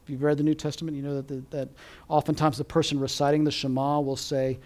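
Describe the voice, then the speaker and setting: A man teaching a Bible class, lecturing lively and asking his listeners to repeat Hebrew words, with frequent checks of "okay?". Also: fairly high pitch, fast talker.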